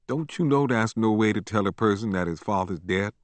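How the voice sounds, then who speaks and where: A male narrator voicing a cold, disapproving grown uncle who speaks quietly and slowly. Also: on the low side, no echo, close to an everyday voice. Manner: quiet, slow, cutting.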